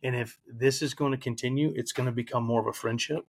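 As a podcast guest, a man in his thirties speaks fast in a steady, medium-pitched, ordinary voice over slight background noise. He tells his own story candidly and reflectively, earnest and open, feelings close to the surface.

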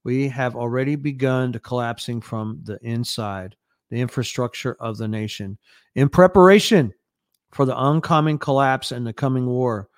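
This is a white-haired older official, nervous and hasty, pleading and explaining in a smooth, clear voice, as a man reads his part. The recording is close and dry. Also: medium pitch, moderate pace, no echo, lightly acted.

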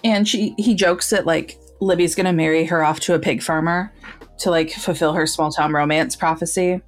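A woman with a fairly low voice chats through a book's plot in an easy podcast style. She pops up into brighter, higher tones whenever she quotes a character. Faint music sits under the talk. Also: fairly even intonation, moderate pace. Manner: retells scenes, quoting characters in livelier raised tones. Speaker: podcast co-host. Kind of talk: casual book review chat.

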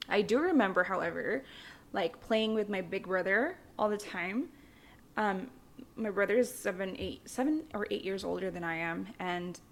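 A young woman from the Philippines telling her childhood story in a candid, chatty way, with frequent fillers and casual swearing. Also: medium pitch. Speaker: vlogger.

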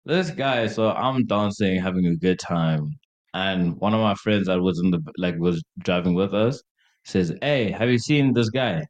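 A man's voice: sits low, normal speed. A young man co-hosting a podcast, casually telling a party story, acting out quotes in a raised voice and laughing often. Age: young adult. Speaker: podcast co-host.

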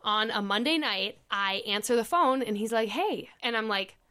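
Woman, young adult, podcast host, smooth clear voice, casual storytelling, acts out quotes. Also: on the high side, lively intonation, normal speed, sharp tone. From Minnesota. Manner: chatty, many "like" fillers, acts out quoted lines.

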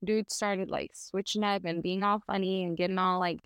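A woman in her twenties chats casually on a podcast and tells a long, rambling personal story full of fillers. Her voice is smooth and clear. The room sounds dry and close, with no echo. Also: mid-range voice, steady tone, moderate pace, a bit bright. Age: 20s. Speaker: podcast co-host. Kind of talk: casual chat.

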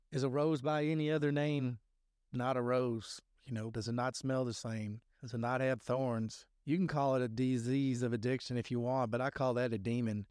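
Male podcast host, mid pitch, impassioned preacher-style rambling, dry room. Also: darkish tone, clean tone, dry recording. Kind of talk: sermon-like recovery talk.

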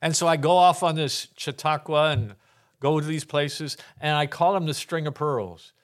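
This older man from Texas guests on a podcast, telling his faith testimony in a lively way. He voices the characters in his anecdotes and laughs frequently, speaking at a normal speed in a slightly high voice.

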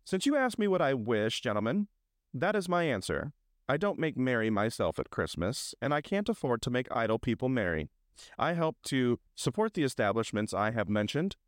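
A man's voice: mid-range voice, big pitch swings, moderate pace, no room sound, lightly acted. A man reading a storybook and voicing a miserly, curt old moneylender, with a dismissive manner in a dry recording. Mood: cold, dismissive.

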